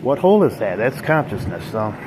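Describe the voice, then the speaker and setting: A man's voice: on the low side, very animated, fairly quick, background noise. A man vlogger in a rambling, profane, bitter philosophical monologue.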